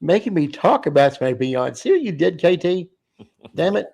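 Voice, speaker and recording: A man's voice: on the high side, big pitch swings, brisk, vocal fry, darkish tone. A man hosting a casual live stream, tired and yawning, rambling and swearing freely. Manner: rambling, swears freely, reads chat aloud. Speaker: livestream host.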